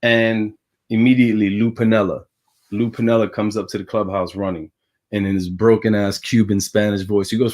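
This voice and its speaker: New york guy, ex pitcher, tells a wild story, laughs and swears a lot. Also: flat delivery, normal speed, darkish tone. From Brooklyn, New York. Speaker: guest, former pitcher. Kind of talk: casual storytelling.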